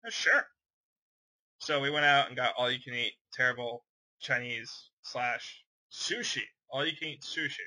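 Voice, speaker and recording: A man's voice: mid-range voice, fairly even intonation, normal speed, bright, forceful tone, rough recording. A man co-hosting a casual podcast, rambling through his day and repeating words as he goes. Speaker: podcast co-host. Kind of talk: casual chat.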